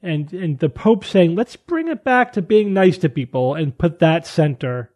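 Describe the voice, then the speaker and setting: Guy cohost, kinda high voice, thinking out loud, lots of you know. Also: lively intonation, a little slow. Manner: thoughtful, hedging, with fillers. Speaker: podcast co-host. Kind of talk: casual chat.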